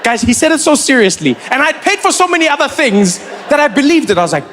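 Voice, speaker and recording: South African man, high-pitched stand-up comic, animated delivery, faint room ambience behind. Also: fast, hardly any pauses, slight background noise. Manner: animated, acts out other people's voices. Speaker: stand-up comedian. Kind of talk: stand-up comedy routine.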